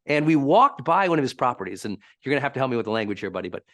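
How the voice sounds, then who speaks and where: Animated man coaching with lively pitch. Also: very fast. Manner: animated, emphatic storytelling. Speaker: high-performance coach. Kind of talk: live teaching talk.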